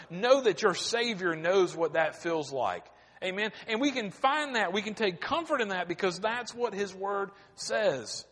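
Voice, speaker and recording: A man preaches a sermon in a fairly high voice. He leans on dramatic pauses and rises into emphatic cries to his congregation. His words ring out with a long reverb that fills the church sanctuary. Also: fairly bright tone. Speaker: pastor.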